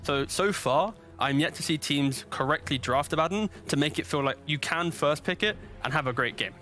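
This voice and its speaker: A British man on live esports commentary, his voice slightly high for a man and strikingly bright. He swings from joking banter into fluent, confident tactical breakdowns. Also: normal speed, faint music behind. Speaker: esports caster.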